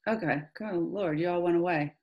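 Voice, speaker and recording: Woman, forties, life coach, animated, video call mic. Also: on the low side, moderate pace, muffled recording. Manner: animated, keeps checking in with "right?". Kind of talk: casual coaching chat.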